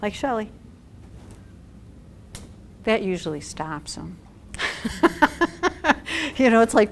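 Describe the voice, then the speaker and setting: A woman social worker giving a talk to a support group, animated and acting out quotes with laughs. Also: medium pitch, slow, gravelly, long pauses, slight background noise.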